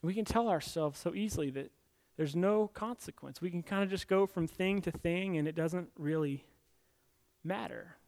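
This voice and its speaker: A man's voice: high voice, moderate pace, darkish tone. A man preaching a sermon as pastor in a conversational way, often repeating words as he builds his points.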